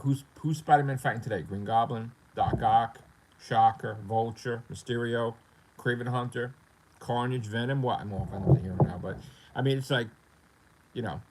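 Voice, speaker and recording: Husky, animated New York man ranting. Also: medium pitch, poor audio. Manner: profane, animated storytelling. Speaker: gaming streamer. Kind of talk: casual livestream rant.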